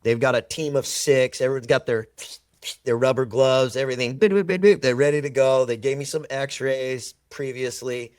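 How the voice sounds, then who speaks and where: A man in a podcast chat, spinning personal stories with animated, emphatic delivery and repeated words for effect. His voice sits at an ordinary middle pitch. The recording is close and dry, with no room sound. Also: normal speed, no room sound. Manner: animated storyteller who acts out quoted dialogue. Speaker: podcast guest. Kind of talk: personal storytelling in conversation.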